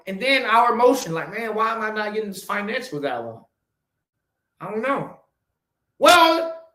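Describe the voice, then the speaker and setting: A man in his forties with a bright, forceful voice delivers a blunt, cursing motivational monologue. He swings between loud, pushy urging and low, quiet asides. The sound carries a roomy echo. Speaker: podcast host.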